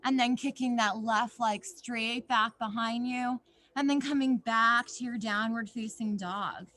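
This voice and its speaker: A young woman leading a yoga class for children outdoors in a snowy backyard, giving gentle instructions with playful asides. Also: a little high, fairly even intonation, measured pace. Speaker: yoga teacher.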